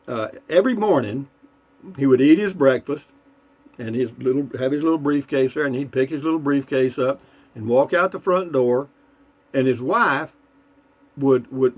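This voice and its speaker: A man's voice: mid-range voice, a little mellow. A man tells jokes in a loose, folksy, rambling way. He fills his talk with asides and stops to toast and sip a beer between jokes. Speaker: joke-telling vlogger. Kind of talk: casual joke telling.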